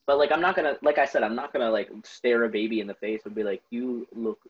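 Husky young guy, says like a lot, casual podcast chat, kinda muffled audio. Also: medium pitch, rapid-fire. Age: young adult. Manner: casual, filler-heavy, earnest.

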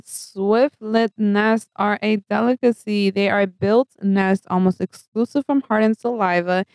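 A woman hosts her own casual podcast, reading out a list of facts and quotes. She giggles at her own jokes and drifts into chatty asides. Her voice sits at a medium pitch and sounds close and dry, with no room around it. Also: a little mellow, dry recording. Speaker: podcast host.

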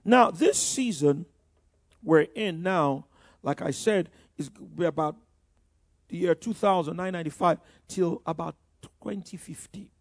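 A man's voice: fairly high pitch, measured pace, dry recording, studio quality. An older male pastor preaching a sermon, emphatic, with frequent "you know" fillers and stumbling restarts.

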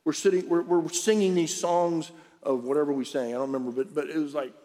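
Pastor preaching in a reverberant hall. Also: male voice, mid-range voice, fast talker, warm tone. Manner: conversational preaching, jokes with the congregation. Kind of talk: sermon. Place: church service. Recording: long church-hall reverb.

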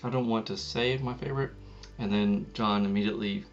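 A man's voice: on the low side, steady tone, brisk, creaky. A man co-hosting a podcast, chatting in a dry, teasing way, heard on a dull lo-fi mic with a faint hum. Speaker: podcast co-host. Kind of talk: casual chat.

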